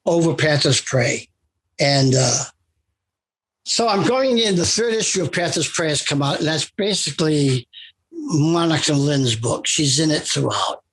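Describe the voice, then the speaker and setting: An older man, a comic writer interviewed as a guest, telling long anecdotes in an animated, rambling way with frequent restarts. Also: a little high, a little slow, slightly rough. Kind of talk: anecdotal storytelling in conversation.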